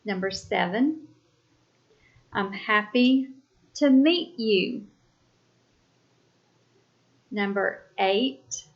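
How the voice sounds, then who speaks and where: Woman, sign language teacher, very slow deliberate pace, dull lo-fi recording. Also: mid-range voice. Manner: slow, deliberate, spells out each item. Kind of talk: slow classroom quiz dictation.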